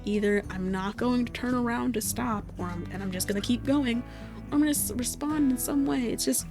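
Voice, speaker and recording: Her voice is a little high and fairly quick, with vocal fry. As a young vlogger, she chats through relaxed, meandering stories while crafting, cursing casually and laughing often over faint background music.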